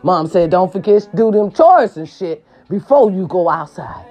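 A woman, hosting a casual monologue and scolding her viewers in a brash, profane way, with her voice jumping high for emphasis. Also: animated, moderate pace, few pauses, warm tone, faint music behind. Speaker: host of a talk segment. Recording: slightly dull lo-fi sound.

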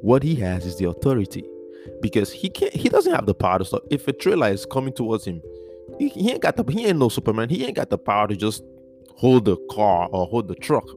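Low-voiced man teaching over guitar. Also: sing-song, fairly quick, a little mellow. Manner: earnest, repetitive, spells out words letter by letter. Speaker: Bible teacher. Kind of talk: podcast Bible teaching.

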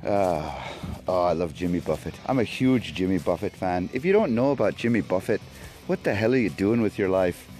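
A man's voice: deep voice, animated, fairly quick, darkish tone, soft background music. A man hosting a solo podcast, talking in a loopy, wandering, jokey way. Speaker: podcast host. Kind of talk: rambling solo podcast chat.

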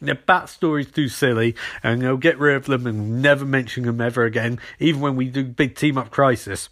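A man's voice: mid-range voice, fairly even intonation, fairly quick, fairly bright tone. A man hosting a podcast, recapping in a rambling, sarcastic way and acting out the characters as he goes. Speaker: podcast host.

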